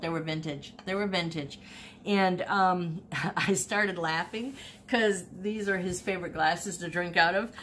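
A woman's voice: fairly low pitch, fairly bright tone, a little hiss or hum. A woman, chatting casually and animatedly about her thrift finds, often repeating herself as she tells a story. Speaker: online reseller showing thrift finds. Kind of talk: casual haul video chat.

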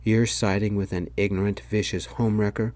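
A man voicing a bitter, angry middle-aged mother in a soft-spoken whispered role-play. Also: on the low side, level tone, a little fast, no room sound, lightly acted.

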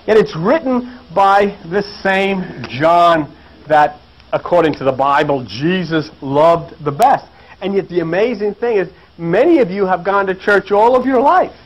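A man's voice: high voice, animated, unhurried, poor audio. A man giving a preachy lecture to an audience, building his points with repeated phrases and rhetorical questions. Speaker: lecturer on religion and mythology.

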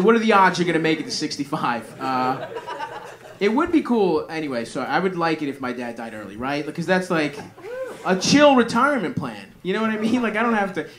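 A man's voice: fairly high pitch, a bit bright. A young man doing a loose stand-up set with crowd work, rambling and self-deprecating with plenty of swearing. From Greek family. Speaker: stand-up comedian. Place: comedy club in front of live audience. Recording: live comedy club audience.

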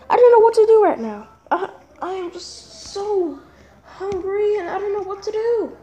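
Performer doing a whiny grounded kid, high and swoopy, pleading, homemade puppet vid. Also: exaggerated voice. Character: whiny grounded boy, young male.

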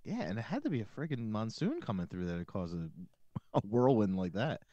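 A man co-hosting a casual film podcast, jokey and animated, laughing often. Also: lowish voice, a little fast, no room sound, muffled recording. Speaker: podcast co-host.

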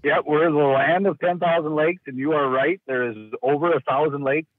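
A man's voice: on the high side, fairly even intonation, moderate pace, no echo. A man from Minnesota, a guest in a casual interview, hesitant with many restarts and fillers. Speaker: guest, county rural initiative coordinator. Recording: tinny phone-like line.

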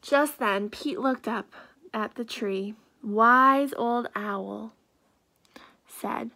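A woman reading a children's picture book aloud, slow and expressive. She gasps, whispers little asides, and stops to ask her young listeners questions. Her voice sits a little high. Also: gravelly.

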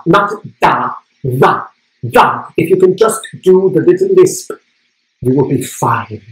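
A man's voice: fairly high pitch, natural voice. A man voicing a young Polish woman who patiently coaches pronunciation in a coaxing, encouraging tone. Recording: roomy theatre stage sound.

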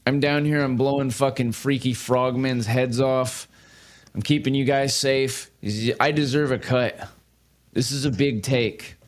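A man's voice: mid-range voice, fairly even intonation, unhurried, close to an everyday voice. A man voicing a greedy, profane male fighter who demands his cut of the loot in a tabletop game. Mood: indignant. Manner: pushy, profane.

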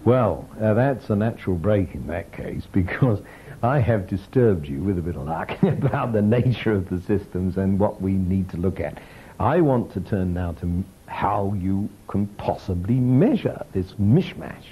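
Older man giving a lively lecture. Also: sits low, a little slow, husky, low-quality recording. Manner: lively storytelling, chuckling. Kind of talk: informal lecture.

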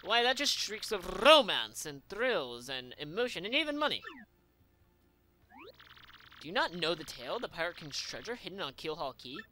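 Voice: mid-range voice, sing-song, normal speed, pushed and bright. A gamer voicing a vain, dramatic rich merchant man in a put-on Spanish accent, reading game dialogue in a pompous, theatrical manner.

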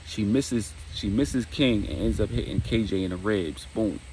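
A man's voice: lowish voice, moderate pace, a little mellow, slight background noise, poor audio. A man casually retelling a dramatic story, acting out dialogue and making sound effects.

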